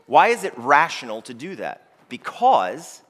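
A man preaching a sermon to his congregation in a mid-pitched voice. He drives his points home, repeating phrases and lifting his voice for scripture readings. The sound carries the long reverb of a church sanctuary. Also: huge pitch swings, a little slow, a bit bright. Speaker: pastor.

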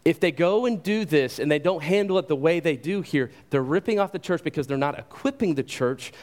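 A man's voice: a little high, lively intonation, a little fast, darkish tone. A man preaching a sermon, emphatic, asking rhetorical questions and doubling words as he stresses a point. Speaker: pastor.

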